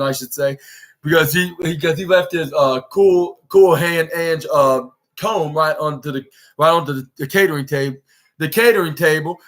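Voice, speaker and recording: A podcast host recapping a show in a loose, rambling way, walking through each scene and slipping into acted-out quotes. His voice is bright and sits a little high for a man. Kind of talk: casual wrestling show recap.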